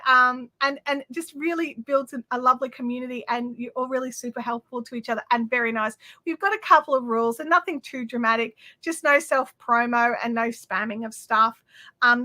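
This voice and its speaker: A woman with an Australian accent hosts a craft livestream from home. Her voice sits high and bright, with plenty of crispness. She chats effusively to her viewers and reads out their comments, her talk full of fillers and restarts. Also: moderate pace. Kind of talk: casual chat reading viewer comments.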